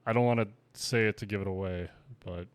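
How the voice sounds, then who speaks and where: A man's voice: lowish voice, fairly even intonation, brisk, clear, resonant tone, no echo. A man co-hosting a podcast, chatting casually and prompting his friend with questions. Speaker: podcast co-host. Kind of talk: casual chat.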